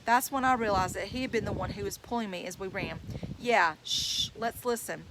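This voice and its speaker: A woman's voice: mid-range voice, fast talker, noisy background. A woman reading a novel aloud, telling it in plain first-person storytelling. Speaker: reader.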